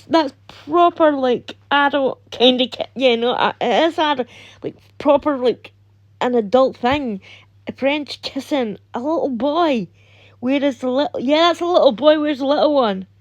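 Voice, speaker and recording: A woman's voice: sits high, no echo, highs cut off. A young adult woman with a Scottish accent giving casual reaction commentary, rambling with restarts and laughs. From Scotland. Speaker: reaction video host.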